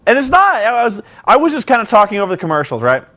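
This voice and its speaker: A man rambling through a casual recap of a wrestling show, animated and loose, often breaking into shouted impressions. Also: high-pitched, fast.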